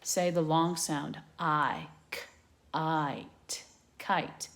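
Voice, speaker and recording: A woman's voice: lowish voice, measured pace, reverberant, close to an everyday voice. A woman playing bossy letter E. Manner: bossy, instructing. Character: bossy letter E giving orders.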